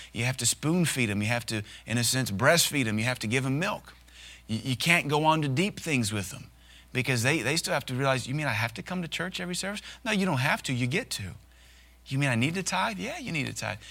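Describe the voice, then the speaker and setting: Bright-voiced male pastor preaching. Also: medium pitch. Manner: folksy, humorous preaching with acted asides. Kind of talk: sermon.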